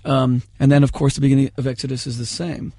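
A man's voice: medium pitch, little pitch movement, fast, gravelly, dark tone, dry recording, clean studio sound. A man arguing his case in a heated debate, impassioned and rhetorical, often cutting in.

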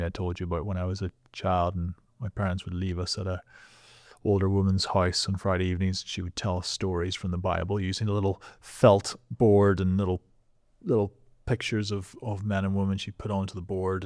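Deep-voiced guy hosting, thoughtful, stumbles and restarts, dry sound. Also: a little mellow, dry recording. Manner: reflective, enthusiastic, stumbling restarts. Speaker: host. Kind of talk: casual conversation.

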